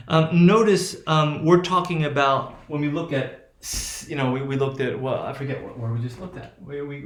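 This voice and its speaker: A man's voice: medium pitch, echoey room. A man lecturing on phonetics, who talks in a rambling way with many restarts and keeps checking in with "right?". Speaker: linguistics lecturer. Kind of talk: classroom lecture.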